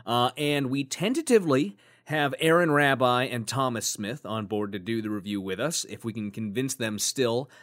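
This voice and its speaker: A man's voice: mid-range voice, normal speed, hardly any pauses, fairly bright tone. A man co-hosting a podcast in a casual, joking chat, thinking aloud with fillers as he goes. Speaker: podcast co-host.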